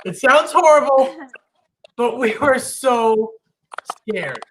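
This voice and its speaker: A middle-aged woman chatting casually, telling stories with animated acted-out quotes and frequent laughs. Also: high voice, slow, poor audio. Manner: animated storytelling, acts out quotes, laughs often. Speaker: host. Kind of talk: casual chat.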